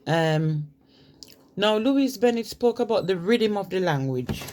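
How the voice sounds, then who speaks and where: A woman's voice: medium pitch, lively intonation, unhurried, noisy background. A woman from Jamaica with a Jamaican accent, giving an informal spoken lecture, conversational and reading from notes with frequent fillers. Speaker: presenter on language.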